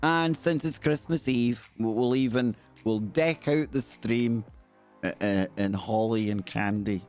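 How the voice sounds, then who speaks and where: A man's voice: medium pitch, a little slow, a little mellow, faint music behind. A Scottish man hosting a live stream in casual, jokey, rambling chat. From Scotland.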